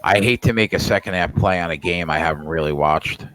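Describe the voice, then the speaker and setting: A man talks betting lines in a laid-back, slangy way. His voice sits very low. He chats rather than presents. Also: brisk, a bit bright, no echo. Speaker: podcast co-host, bettor. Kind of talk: casual chat about betting.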